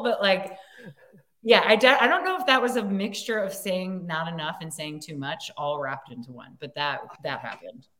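Animated, giggly woman telling a story. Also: fairly low pitch, normal speed. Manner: animated, giggly, lots of "like" fillers. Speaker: podcast guest, actor. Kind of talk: casual storytelling chat.

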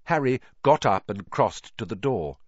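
A man narrating an audiobook in an expressive, dramatic way, on a dull lo-fi recording. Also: lowish voice, unhurried, no room sound.

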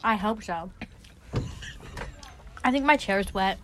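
A woman's voice: medium pitch, animated, slow pace, background noise. A woman co-hosting a casual podcast chat, joking around and swearing. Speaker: podcast co-host.

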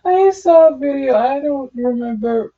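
A woman's voice: sits high, expressive, unhurried. A woman co-hosting a casual podcast, an amused storyteller who laughs often. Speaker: podcast co-host. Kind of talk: casual chat. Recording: muffled, distant, lo-fi mic.

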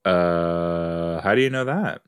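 A man's voice: sits low, takes it slowly, clean tone. A man hosting a podcast, chatting casually and talking back at the screen as he watches an episode. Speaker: podcast host. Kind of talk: casual watch-along commentary.

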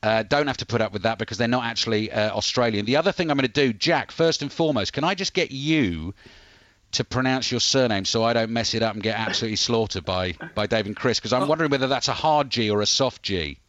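A man's voice: mid-range voice, fast, fairly bright tone, no room sound. Dry, dull-sounding podcast host man. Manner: joking, self-mocking interviewer. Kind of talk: casual podcast chat.

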